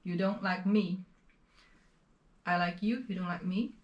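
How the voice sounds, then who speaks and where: A woman teaching a language lesson, explaining words and repeating pronunciations slowly and clearly. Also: lowish voice, roomy sound, dull audio.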